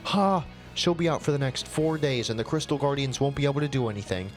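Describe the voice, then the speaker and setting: A man's voice: mid-range voice, fast, faint music behind, close to an everyday voice. A man voicing a scheming villainous girl who gloats over her plan, read from a story. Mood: gloating.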